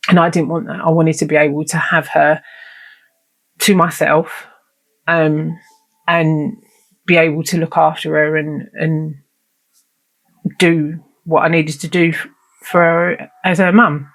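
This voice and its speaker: A woman's voice: low voice, little pitch movement, unhurried, pauses often, a bit bright. A woman hosting her own show, telling a personal story in a candid, rambling way and swearing freely. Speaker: podcast host.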